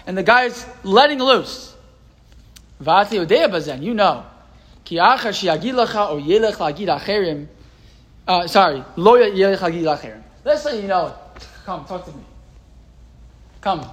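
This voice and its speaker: In a rough recording, a high-voiced, animated man teaches Torah live in a classroom at a moderate pace. He converses with his audience, asks them questions, and reads ancient texts aloud, then translates them.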